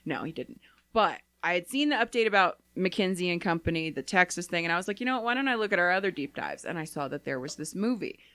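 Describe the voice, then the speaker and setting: A woman's voice: fairly low pitch, animated, fast talker, fairly bright tone, no room sound. A woman co-host chatting casually, rambling through a story and acting out what people said. The mic is dry and close, with little room sound. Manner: rambling storyteller, acts out quotes, frequent "like". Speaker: podcast co-host. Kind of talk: casual chat.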